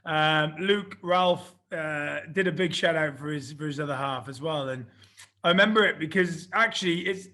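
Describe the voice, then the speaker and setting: Bright high-voiced podcast host. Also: male voice, moderate pace. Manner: friendly, chatty, calls guest mate. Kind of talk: casual podcast interview.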